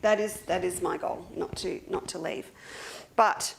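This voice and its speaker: A woman's voice: fairly low pitch, steady tone, measured pace, creaky, a little hiss or hum. An Australian woman hosting a casual livestream for her quilting shop, chatting to viewers and greeting them one by one by name. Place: seated at a table indoors.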